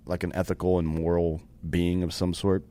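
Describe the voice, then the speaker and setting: Deep-voiced sardonic co-host. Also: male voice, flat delivery, moderate pace, warm tone. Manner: sardonic, profane. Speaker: podcast co-host. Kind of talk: casual podcast talk. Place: podcast studio.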